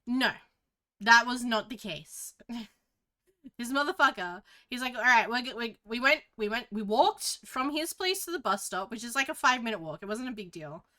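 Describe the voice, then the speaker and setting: Australian woman streamer, casual storyteller, bright and crisp, rambles with restarts and swears freely. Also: fairly high pitch, lively intonation, moderate pace.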